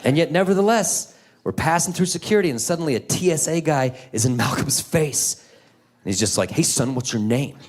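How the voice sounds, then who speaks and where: A man in his thirties doing a stand-up set into a handheld mic on a club stage. His voice sits a little high and swings widely in pitch. He talks in an animated way and slips into loud, high voices for the people in his stories. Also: brisk, a little hiss or hum. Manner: animated, jumps into shouted high voices for characters. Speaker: stand-up comedian. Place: comedy club stage with audience laughter.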